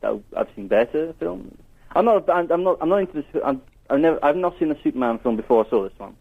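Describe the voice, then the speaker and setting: Guy calling in on a tinny phone line, talks fast and chatty. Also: on the high side, animated, creaky, husky. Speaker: caller. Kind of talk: casual chat.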